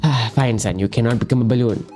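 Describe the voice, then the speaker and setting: A player voicing a weary radish father who answers his son with dry, deadpan comebacks, in a game voice-over. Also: mid-range voice, fast, faint music behind, lightly acted.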